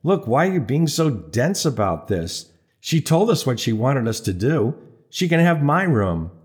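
A man's voice: mid-range voice, very animated, unhurried, pitched above the performer's own voice. A man reading an audiobook, voicing an insistent, wheedling young man in a story. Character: young man, pushy eager friend.

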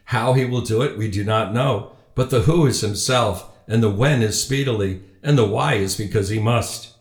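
A man's voice: fairly low pitch, normal speed, roomy sound, close to an everyday voice. A man voicing a pompous older loyalist father who gloats triumphantly in a storybook reading.

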